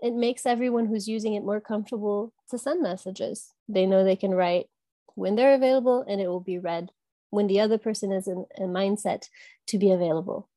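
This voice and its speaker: Mellow-voiced woman, thoughtful and halting. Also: medium pitch, fairly even intonation, dry recording. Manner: thoughtful, halting with frequent um and restarts. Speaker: guest from an education app company. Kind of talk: conversational interview answers.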